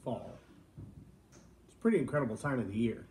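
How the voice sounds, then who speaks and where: A man's voice: medium pitch, lively intonation, fairly quick, gravelly, darkish tone, slight background noise. A middle-aged man from Texas hosting a live-stream vlog in a folksy, reflective way with jokey asides. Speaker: vlog host. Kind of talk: casual live-stream talk.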